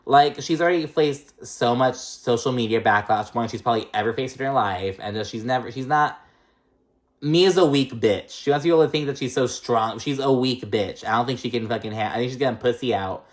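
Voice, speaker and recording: Brisk and medium-pitched, this host dishes on a reality TV episode in a gossipy, profane rundown loaded with "like" and "um." It's a chatty, animated recap, and the cast gets imitated in raised voices.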